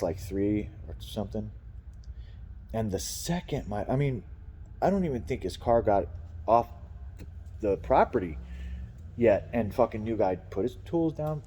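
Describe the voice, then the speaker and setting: Low, mellow-voiced man venting casually. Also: husky, in a large hall. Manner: rambling, profane, frustrated venting. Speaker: vlogger. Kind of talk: casual morning vlog, venting about work.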